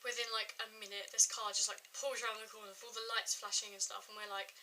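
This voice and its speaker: Chatty young woman, bright voice. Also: medium pitch, flat delivery, quick pace, a little hiss or hum, poor audio. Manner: chatty, full of "like" and quoted dialogue. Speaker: vlogger. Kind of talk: casual storytime vlog.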